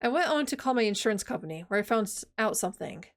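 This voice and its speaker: Lively casual woman streamer. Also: mid-range voice, fast. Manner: casual, swears, laughs at herself. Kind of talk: reading a visual novel aloud with commentary.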